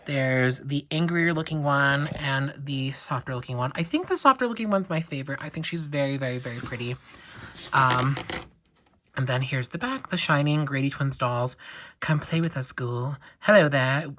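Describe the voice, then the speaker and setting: Young woman, low pitch, bright tone, chatty unboxing vlog, excitable. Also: moderate pace, slight background noise. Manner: excitable and chatty, full of "like" asides. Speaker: doll collector unboxing on her channel. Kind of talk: casual unboxing chat.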